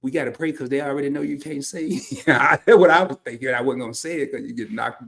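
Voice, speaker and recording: A man's voice: medium pitch, fast talker, vocal fry, fairly bright tone. Laid-back Southern man telling stories. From Arkansas. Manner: laid-back, drawling, laughs often. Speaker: livestream host. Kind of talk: casual storytelling monologue.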